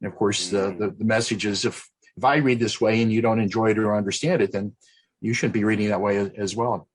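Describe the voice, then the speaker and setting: Husky-voiced male professor. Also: lowish voice, fairly even intonation, brisk, poor audio. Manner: warm teacherly, hesitant with many fillers. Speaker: reading professor guest. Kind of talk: conversational podcast discussion.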